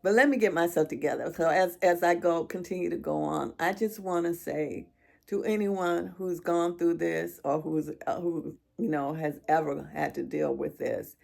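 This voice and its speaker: A middle-aged woman vlogger speaking to her viewers in a heartfelt, emotional chat, halting and restarting as she talks. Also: on the low side, fairly even intonation, gravelly, a little mellow.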